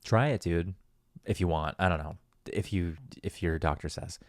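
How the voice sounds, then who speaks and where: A man's voice: low-pitched, moderate pace, dry recording. A man hosting a solo podcast, talking in a loose, rambling, profane and self-deprecating way. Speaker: podcast host. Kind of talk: casual solo podcast monologue.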